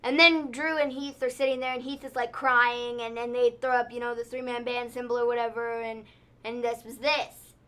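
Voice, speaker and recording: Woman co-host, high bright voice, rambling casual recap talk. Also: little pitch movement, moderate pace, smooth. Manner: rambling, lots of "like" and "so". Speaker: podcast co-host. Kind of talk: casual wrestling recap chat.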